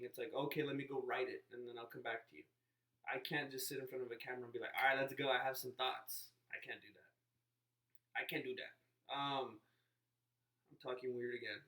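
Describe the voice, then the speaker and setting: A man's voice: medium pitch, a bit bright, reverberant, far from the mic. A man talking to camera in a casual, rambling vlog, often breaking off mid-sentence and acting out what other people say. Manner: rambling, self-interrupting, playfully mimics others. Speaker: vlogger. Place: inside a parked car.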